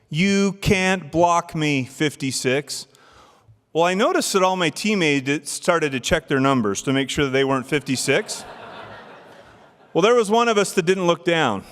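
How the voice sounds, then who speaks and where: A man's voice: a little high, fairly bright tone, clear, resonant tone. A middle-aged man giving a devotional address, telling stories and asking the audience questions. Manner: storytelling with rhetorical questions to the audience. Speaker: church speaker. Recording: long hall reverb.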